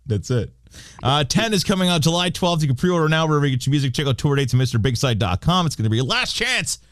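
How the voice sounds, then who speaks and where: Male podcast host, mid-pitch, wisecracking, dry close mic. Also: expressive, fast, fairly bright tone, no echo. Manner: joking, irreverent, plugs the show. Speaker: interview host. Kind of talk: casual interview chat.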